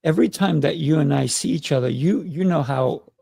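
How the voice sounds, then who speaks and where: A man's voice: a little high, brisk, vocal fry, mellow, slightly rough, dry recording, clean studio sound. A man hosting an interview, enthusiastic and affirming, often restarting his phrases. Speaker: host. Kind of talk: casual interview.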